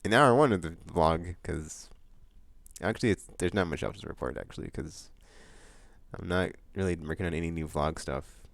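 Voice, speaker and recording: A man with a low, deep voice rambles through his monthly vlog. He is casual and full of fillers, breaks into excited bursts, and is recorded dry and close. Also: normal speed, vocal fry, no echo. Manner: loose, rambling, many fillers and restarts; excitable outbursts about upcoming games. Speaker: vlog host.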